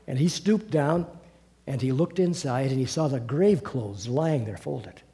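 A Bible teacher with a mellow, warm voice, pitched mid-range for a man and a little slow, leads a small group in a meeting room. He retells scripture vividly, slipping in chuckles and asides.

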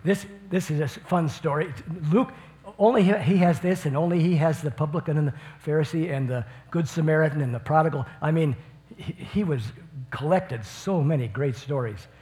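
A man giving informal Bible teaching. He swings from enthusiastic bursts into a quieter retelling of the story. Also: a little high, normal speed.

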